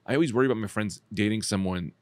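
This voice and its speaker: A man hosting a comedy podcast, rambling and self-mocking, swinging between loud bursts and mutters. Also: fairly low pitch, very fast, dry recording, studio quality. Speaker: podcast host. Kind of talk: casual comedic chat.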